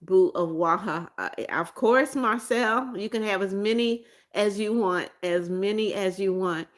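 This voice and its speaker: Here a middle-aged woman from the US runs a laid-back livestream, speaking unhurriedly at a medium pitch. She reads viewers' comments out loud as she chats, frequently saying greetings and names again.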